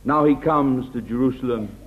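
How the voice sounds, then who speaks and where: An American man preaching a sermon in an earnest way, often dropping to a hushed, tender tone. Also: mid-range voice, moderate pace. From United States. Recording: tinny lo-fi phone-like recording.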